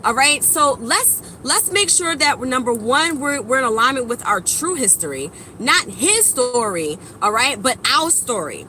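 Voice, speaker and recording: Woman, spiritual vlogger, high bright voice, profane and preachy, faint vehicle noise behind. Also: sing-song, normal speed, hardly any pauses, poor audio. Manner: profane, emphatic, preachy, swings between loud and low. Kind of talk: blunt motivational monologue to viewers.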